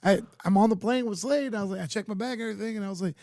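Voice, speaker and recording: A man with a notably high voice tells animated stories on a podcast, tripping over his words and swearing. The sound is dry and close, and his delivery is lively. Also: very fast, no echo. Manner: animated, profane, stumbling restarts. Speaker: podcast co-host. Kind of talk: casual chat, storytelling. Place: podcast studio.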